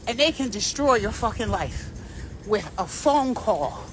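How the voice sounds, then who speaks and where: A high-voiced woman talks straight to her viewers in a long, rambling monologue, swearing freely as she goes. Her pitch leaps and swoops wildly from line to line. Faint vehicle noise hums behind her. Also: a little slow. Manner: profane, intense and animated, with sudden shifts. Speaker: vlogger.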